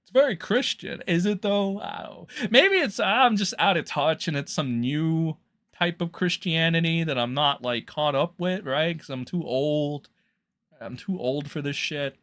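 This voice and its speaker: A man's voice: fairly high pitch, measured pace, fairly bright tone, no echo. A man hosting a livestream, reacting to clips in a loose, sarcastic and profane way. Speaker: livestream host.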